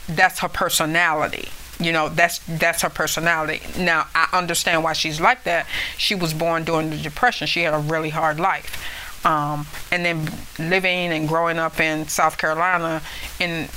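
Bright-voiced woman in her fifties, laughing. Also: lowish voice, a little hiss or hum, poor audio. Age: 50s. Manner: storytelling, laughs often. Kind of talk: casual chat.

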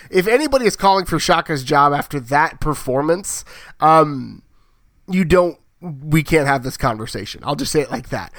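A man with a somewhat high voice gives blunt opinions in casual podcast talk, stopping to correct his own wording. His voice sounds dry and close to the mic. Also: gravelly, fairly bright tone, dry recording. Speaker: sports podcast co-host. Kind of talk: casual sports chat.

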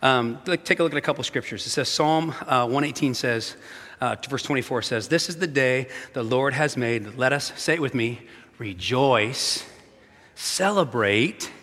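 A male pastor giving a lively, playful sermon, talking straight to his congregation in a church and a little out of breath. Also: medium pitch, moderate pace. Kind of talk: energetic sermon. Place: church sanctuary. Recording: long hall reverb with faint music.

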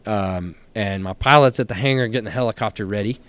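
A Texan man telling stories as a guest on a studio podcast, animated and blunt, laughing through his tales and cursing casually. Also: on the low side, fast talker, clear, resonant tone, dry recording. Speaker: guest, helicopter hunting outfitter.

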